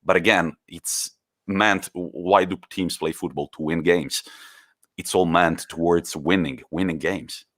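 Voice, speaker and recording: A man with a very deep voice co-hosts a football podcast. He talks casually and with animation, swearing freely. The sound is dry and close. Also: steady tone, a little slow, a bit bright, no echo. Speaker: podcast co-host.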